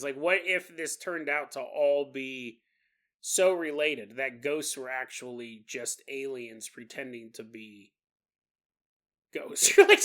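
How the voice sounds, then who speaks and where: A man's voice: on the high side, lively intonation, a little slow, sharp tone. A man hosting a podcast, telling a story in a casual, jokey way, acting out the people in it and laughing often. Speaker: podcast host.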